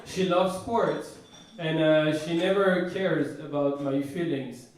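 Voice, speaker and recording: A man performing stand-up, his voice sitting a little high. He boasts in a flat, deadpan way and trips over restarts. The sound is very echoey, picked up from a distance over steady noise. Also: takes it slowly. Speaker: stand-up comedian. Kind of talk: stand-up comedy set. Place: comedy stage before a laughing audience. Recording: echoey, distant live room mic with noise.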